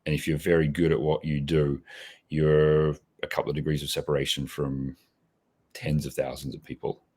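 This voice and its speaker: A man's voice: extremely low pitch, flat delivery, moderate pace, a little mellow, slightly rough. A man in his forties with an Australian accent, answering interview questions in a reflective, casual way with many restarts. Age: 40s. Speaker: podcast guest.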